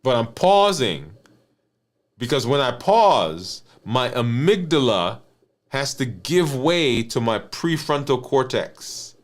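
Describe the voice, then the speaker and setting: An earnest man talks through a lesson on emotional health at a mid-range pitch. He coaches in a steady, explaining way, keeps checking in with "right?" and restarts his phrases as he thinks aloud. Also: slow pace. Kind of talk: teaching monologue.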